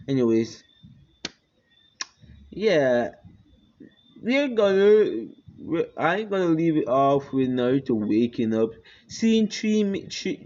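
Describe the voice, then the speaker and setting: A man's voice: medium pitch, warm tone. A man casually narrating an improvised fan story at home, rambling with fillers and giggles. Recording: lo-fi with background noise.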